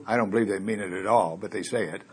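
A man's voice: fairly low pitch, fairly even intonation, fast, slight background noise. A man preaching a conversational sermon in a church, asking his listeners rhetorical questions and chuckling now and then.

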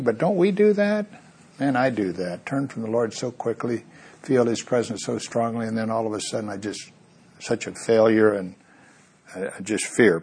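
A man's voice: lowish voice, darkish tone, slightly rough. A man preaching a sermon, earnest, bringing the story's voices to life as he goes.

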